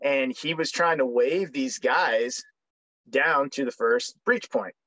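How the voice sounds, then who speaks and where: A man's voice: medium pitch, takes it slowly, sharp tone, no echo. A young man, a military veteran guest, telling his story in a frank, joking way with many ums and restarts. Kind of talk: casual storytelling interview. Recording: dry, slightly dull recording.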